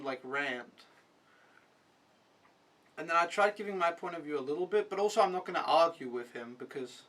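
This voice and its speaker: A man's voice: a little high, fairly bright tone, recorded from a distance, low-quality recording. A young man recapping his week as an au pair in a casual vlog, talking frankly and swearing freely. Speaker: au pair vlogger.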